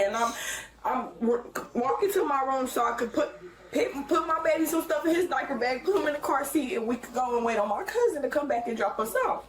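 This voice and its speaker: A young woman telling police about a fight at home, agitated and rambling, with many halting restarts. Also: high voice. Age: young adult. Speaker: teen mother talking to police. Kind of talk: recounting an argument. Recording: echoey room, far from mic, crowd noise.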